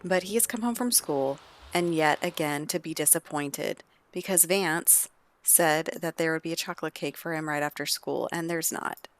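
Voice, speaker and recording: Woman gameplay narrator, lowish voice, chatty and exclaiming. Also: normal speed. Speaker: let's play narrator. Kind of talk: casual gameplay commentary.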